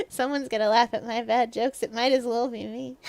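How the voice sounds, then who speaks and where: Giggly, high-voiced woman streamer. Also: vocal fry, a little mellow, dry recording. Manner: giggly, jokey. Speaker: gaming streamer. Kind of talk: casual live-stream chat.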